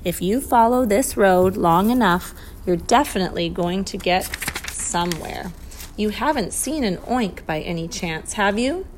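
A woman's voice: medium pitch, animated, unhurried, noisy background, lightly acted. A woman voicing a forgetful, evasive male oink creature in a storybook reading, solemn and sing-song.

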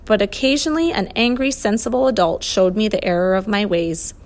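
A woman voicing a kindly but stern older male professor, measured and reasoning, in a storybook reading. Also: mid-range voice, close to an everyday voice. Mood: patient, firm.

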